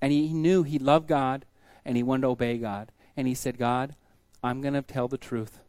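A man preaching a casual sermon, telling folksy stories and acting out the people in them with sudden loud bursts. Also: mid-range voice, steady tone, moderate pace, no room sound. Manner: storytelling, acts out quoted voices with sudden loud bursts; folksy, conversational.

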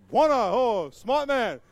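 A man doing stand-up storytelling, animated and acting out the voices in his story while laughing at it himself. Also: very high voice. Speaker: comedian.

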